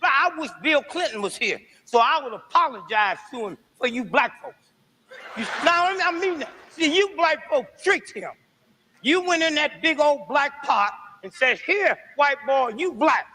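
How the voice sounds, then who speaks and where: A man's voice: very high voice, big pitch swings, a little slow, pushed and bright, slight background noise, poor audio. A man giving an impassioned, preaching-style speech to an audience that calls back to him, repeating his lines for effect. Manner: fervent, rhetorical, repeats lines with call-and-response. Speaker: speaker addressing a responsive audience.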